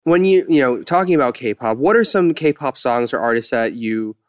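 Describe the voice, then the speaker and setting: A man hosts a casual podcast, teasing his guest and pressing with quick follow-up questions. His voice sits at a middle pitch, recorded close and dry. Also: lively intonation, dry recording. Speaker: podcast host.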